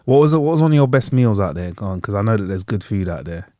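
A man co-hosts a podcast in relaxed chat. He asks questions and backs up his friend. The sound is dry, with no room echo. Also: fairly low pitch, fast talker. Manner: supportive, asks questions and backs up the other host. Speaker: podcast co-host. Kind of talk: casual chat.

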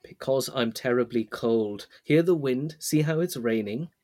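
A man reading aloud as a cold old grandfather gently coaxing a child. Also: mid-range voice, measured pace, natural voice.

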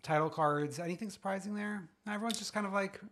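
A man's voice: high voice, fast, a bit bright. A man co-hosting a podcast, chatting casually and gossiping with frequent laughs. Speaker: podcast co-host. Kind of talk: casual chat.

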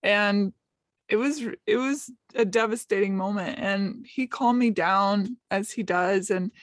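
A woman speaks at a middle pitch, telling a personal story with open emotion and self-deprecating asides. She is recorded close on a dry mic with no room sound. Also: unhurried, dry recording. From United States. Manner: emotional, self-deprecating, quotes others in light voices. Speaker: podcast host, guest.

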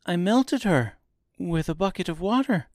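An earnest young girl speaks insistently in a high voice, put on by a male narrator. The voice is lively. The recording is dry. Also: unhurried, no room sound.

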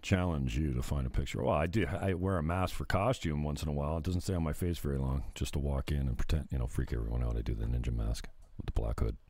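A man's voice: very deep voice, quick pace, a little mellow, no echo. A man hosting his own livestream, ranting in a casual, profane, rambling way, often getting sidetracked and laughing at himself. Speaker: livestream host.

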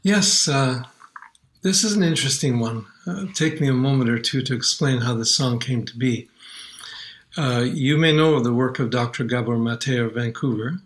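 An older man from Canada, a singer telling stories of his songs in an interview, earnest and unhurried. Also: medium pitch, poor audio. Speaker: children's singer and guest. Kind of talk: warm reflective interview talk.

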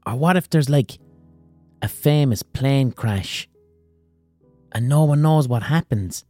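A man's voice: mid-range voice, slow pace, no echo, faint music behind. Crude man telling a comic story. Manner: crude, animated, gasping impressions. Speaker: podcast host.

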